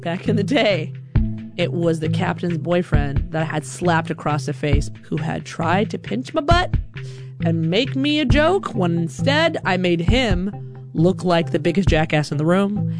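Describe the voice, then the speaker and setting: A woman from Alabama telling a personal story in a lively, chatty way, full of "like". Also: fairly low pitch, a little slow, music in the background.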